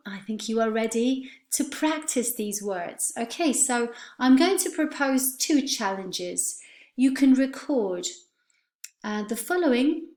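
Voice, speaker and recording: A woman teaching English pronunciation, modelling words and sentences slowly and clearly for her students. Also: on the high side, darkish tone, reverberant. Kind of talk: online pronunciation lesson.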